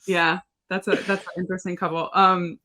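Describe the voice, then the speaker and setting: Woman host with a lowish voice. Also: level tone, a little fast, bright, forceful tone, slight background noise. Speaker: podcast host. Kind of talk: interview hosting.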